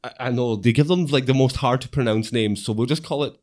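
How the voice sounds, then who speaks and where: A man's voice: medium pitch, fast, a little mellow. A young man with a Belfast accent, co-hosting a casual podcast in a dry, matter-of-fact, teasing way. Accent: Northern Irish, Belfast. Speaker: podcast co-host. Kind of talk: casual chat.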